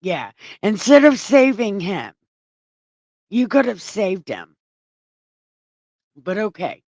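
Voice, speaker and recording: A woman reads scripture in a casual way and keeps breaking in with sarcastic, profane remarks. She talks slowly, in a mid-pitched voice. The recording is dry and close, with no room echo. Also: big pitch swings, a little mellow. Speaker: online Bible reader and commentator. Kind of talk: casual scripture reading with commentary.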